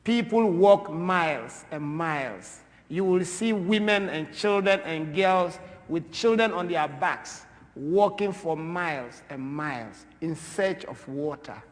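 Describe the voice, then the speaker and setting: A man from Ghana giving an impassioned talk in a church, swinging between loud, forceful bursts and quiet asides. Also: fairly high pitch, takes it slowly. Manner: animated, swings from loud to soft. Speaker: speaker at a church. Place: large church. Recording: long reverb of a large church.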